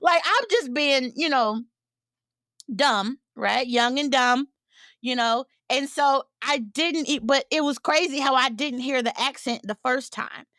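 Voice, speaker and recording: A woman co-hosting a podcast, telling a story in casual chat, animated and laughing as she acts out what people said. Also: sits high, a little slow, dry recording, clean studio sound. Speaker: podcast co-host.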